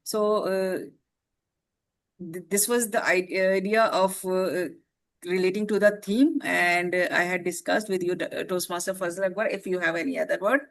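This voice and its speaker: A woman explaining a word and her meeting role, careful and pausing with fillers and restarts. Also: fairly low pitch, steady tone. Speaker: club member, super listener.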